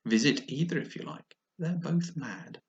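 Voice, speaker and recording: A man voicing a sly, grinning talking cat in a storybook reading, often slow and whispered. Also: fairly high pitch, muffled recording, voice pushed up.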